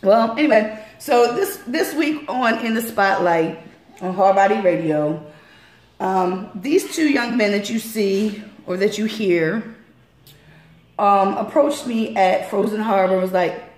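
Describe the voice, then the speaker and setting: Hoarse woman hosting radio. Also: mid-range voice, slow pace, a little mellow. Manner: chatty, laughs often, many ums. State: hoarse, coming down with a cold. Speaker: radio show host. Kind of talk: casual radio interview. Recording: roomy studio echo.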